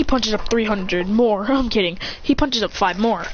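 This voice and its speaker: Speaking at normal speed with few pauses, a mid-range voice meanders through a fan story, casually restarting sentences and acting out each character's lines. A faint hiss sits under the dull, lo-fi recording.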